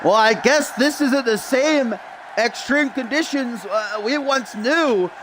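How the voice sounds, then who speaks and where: Young guy hyping up a wrestling game like a ring announcer, high voice, bit of background hiss. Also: slow. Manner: excitable announcer, builds up hype, casual asides to chat. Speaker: streamer doing play-by-play commentary. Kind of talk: wrestling play-by-play commentary.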